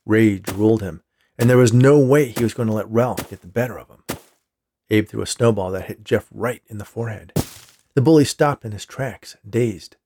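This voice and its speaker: A man reading a story aloud with a steady storytelling delivery. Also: on the low side, moderate pace, a little hiss or hum. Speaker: story reader. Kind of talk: audiobook narration.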